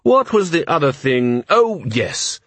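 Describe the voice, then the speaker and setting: A man voicing a calm, polite city ruler with a dry, ironic way of talking. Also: a little high, slow pace, no room sound, pitched above the performer's own voice, exaggerated voice. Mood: wry.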